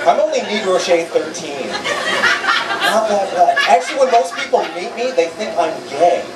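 A young male stand-up comic working a bar crowd, self-deprecating and chatty with the people in front of him. His voice sits at an ordinary pitch and is heard from far off in an echoey room. A loud crowd and heavy background noise are under him throughout. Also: big pitch swings, a little fast. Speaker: stand-up comedian. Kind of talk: stand-up comedy set. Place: bar stage before a live audience.

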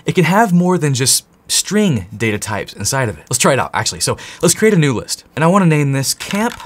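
An excitable man from the United States teaches coding, joking and talking straight to the viewer. His pitch swings widely as he goes. Keyboard typing sounds in the background. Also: a little fast. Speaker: coding instructor. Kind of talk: enthusiastic tutorial.

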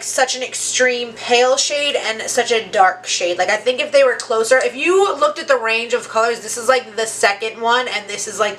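A young woman chats her way through a makeup tutorial in a high, sharp, bright voice, laughing at herself and leaning on "like" fillers. She talks to a close camera at her home vanity. A faint hiss sits under the recording. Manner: chatty, self-deprecating, lots of "like" fillers. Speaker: beauty vlogger. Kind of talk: casual makeup tutorial chat.

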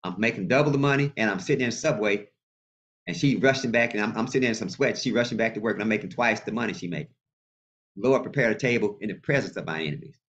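A male pastor preaching a sermon in a colloquial, animated way and calling out to his congregation. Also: on the low side, quick pace. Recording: muffled lo-fi sound.

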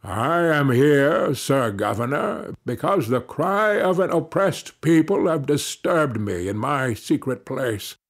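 A man reading as a grave old ghostly champion from an old storybook, speaking in slow, stern, archaic tones with a husky edge. Unmoved and commanding, he sounds like a voice long unused among the living. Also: on the high side, full character voice. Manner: solemn, commanding, archaic speech. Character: aged stern ghostly male Puritan champion.

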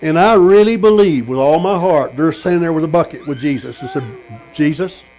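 Male tent-meeting preacher, higher voice, sermon storyteller who questions the crowd. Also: fairly quick, darkish tone, poor audio. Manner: storytelling, asks the congregation questions.

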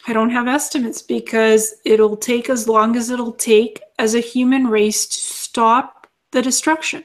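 A woman channeling as an alien being, calmly teaching and repeating her lessons as numbered lists. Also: a little high, unhurried.

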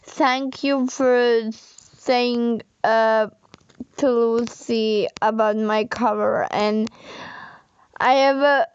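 A young woman vlogging, crying and overwhelmed with happiness, speaking haltingly with many fillers. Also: fairly high pitch, fairly even intonation, clean tone, dull audio. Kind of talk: emotional thank-you vlog.

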